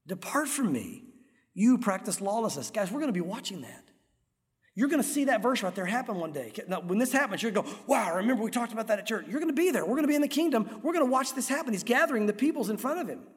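A middle-aged male pastor preaching an earnest, animated sermon in a church, acting out crowd voices along the way. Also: high voice, fast talker. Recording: echoey hall with long reverb.

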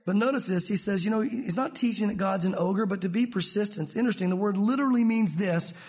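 A middle-aged man preaching a sermon, animated, acting out the voices of people in his story. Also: high voice, quick pace. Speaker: pastor.

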